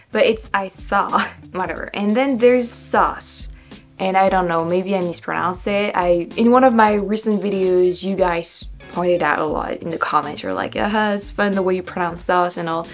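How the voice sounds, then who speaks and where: A young woman from France with a French accent, chatting casually to camera as a vlogger, laughing often and repeating words aloud to check how she says them. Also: mid-range voice. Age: young adult.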